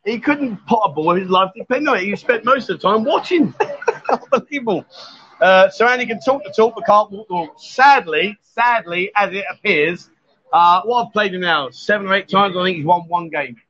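A man's voice: high voice, moderate pace, fairly bright tone, lo-fi sound. A man hosting a casual live-stream chat, teasing his co-host and laughing often.

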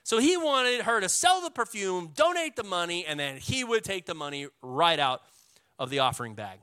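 Texan pastor guy preaching, bright voice, super casual and lively, gets the crowd to repeat stuff. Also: high voice, moderate pace, clear, resonant tone, no room sound. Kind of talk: sermon.

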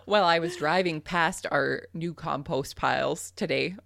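Laughing low-voiced Canadian woman. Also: moderate pace, gravelly, no echo. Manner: laughs often, animated storytelling. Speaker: podcast host, guest. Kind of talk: casual storytelling chat.

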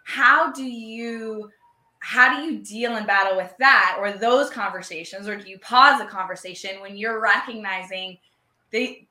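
Chatty bright-voiced woman host. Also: mid-range voice, reverberant. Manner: chatty, animated, full of fillers. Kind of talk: podcast conversation.

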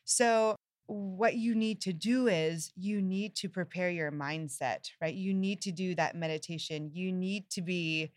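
A woman's voice: lowish voice, measured pace, clean studio sound. A woman in a casual chat giving encouraging mindset advice and echoing her partner's phrases. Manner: encouraging, echoes phrases back. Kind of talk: motivational casual talk.

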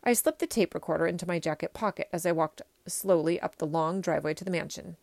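A woman reading a children's story aloud in an expressive first-person way. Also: on the low side, fast talker, vocal fry, no room sound. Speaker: reader.

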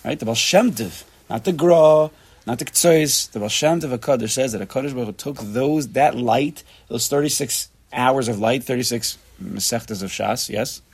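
A man with a medium-pitched, breathy voice teaches Torah informally to a small group at a normal pace. His manner is animated, with repeated phrases and a mix of Hebrew and Yiddish terms.

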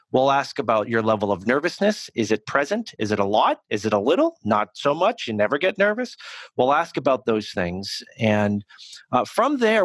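A man working as an executive communication coach, answering interview questions in a lively, conversational way, often restarting his sentences. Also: mid-range voice, no room sound. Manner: animated, self-correcting restarts.

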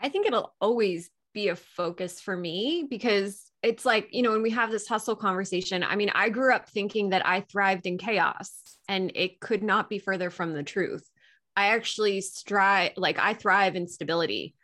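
A woman business coach talks on a podcast in a reflective, candid way. Her voice sits at a middle pitch, and her tone is plain and conversational. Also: normal speed, a bit bright. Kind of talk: casual interview chat.

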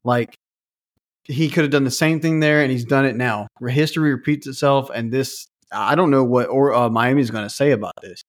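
A man's voice: medium pitch, fairly quick, no echo, clean studio sound. A man co-hosting a casual sports podcast, recounting game details and stats. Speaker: podcast co-host.

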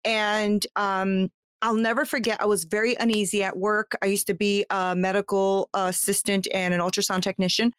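A woman's voice: medium pitch, flat delivery, moderate pace, clean tone, no echo, studio quality. A woman, a guest from the United States, telling her life story in a heartfelt, talkative way with many fillers and restarts. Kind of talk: candid personal storytelling.

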